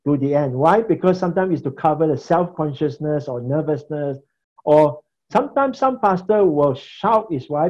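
A male pastor teaching a class on preaching in an animated lecture style, acting out different preaching habits and chuckling now and then. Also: on the high side, lo-fi sound.

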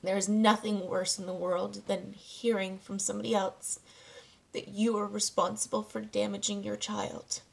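A woman in her thirties, a parenting coach, talking candidly to camera, halting and close to tears. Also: mid-range voice, little pitch movement, creaky, breathy edge. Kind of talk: personal vlog monologue.

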